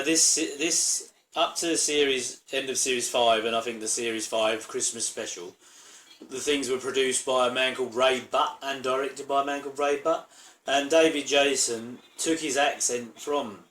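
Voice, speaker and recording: A man's voice: medium pitch, fairly bright tone, echoey room. A man hosting his own channel, giving casual, rambling reaction commentary full of asides. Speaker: channel host reviewing a TV episode.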